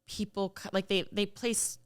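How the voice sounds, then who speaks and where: A woman's voice: medium pitch, steady tone, moderate pace, smooth. A young woman co-hosting a podcast in casual chat, agreeable, often trailing off and laughing easily. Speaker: podcast co-host.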